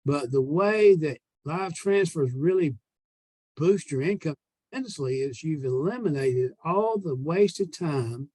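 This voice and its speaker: A Southern American man coaches a sales team in a plainspoken, emphatic way. His voice sits a bit high for a man. The sound is dry and close, with no room around it. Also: expressive, a little slow, a little mellow, no room sound. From United States. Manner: plainspoken, emphatic, walks through example calls. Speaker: sales trainer.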